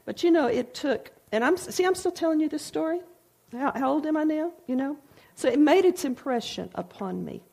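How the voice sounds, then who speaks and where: Older woman, devotional speaker, folksy storytelling, gravelly voice. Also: sits high, lively intonation, normal speed, mellow. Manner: folksy storytelling with frequent asides. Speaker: speaker sharing testimony. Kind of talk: informal devotional talk.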